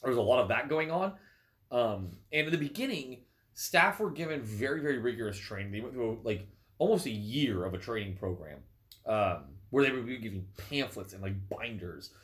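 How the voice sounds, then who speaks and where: A young man chats loosely on a podcast, explaining things with a steady stream of "like" and "um." His voice sits in an ordinary middle register. He sounds a little stuffy, as if fighting off a cold. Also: medium pitch, fairly quick. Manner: rambling, filler-heavy explaining. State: stuffy, sneezing. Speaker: podcast co-host. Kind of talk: casual chat.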